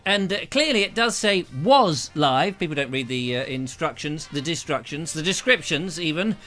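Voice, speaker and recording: A British man with a high, bright voice hosts a live stream, jokey and theatrical. His pitch swoops all over as he trades puns and silly voices with viewers. He is recorded close on a lapel mic. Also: animated, moderate pace, soft background music. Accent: British English. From England. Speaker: live show host. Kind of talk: comic live-stream chat. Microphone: lavalier.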